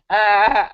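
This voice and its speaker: A woman's voice: on the high side, a bit bright, dull audio. A woman hosting a livestream, reading viewers' jokes aloud in a casual way, laughing often and putting on voices for the quotes. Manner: reads slowly, laughs at her own jokes, puts on voices for quotes.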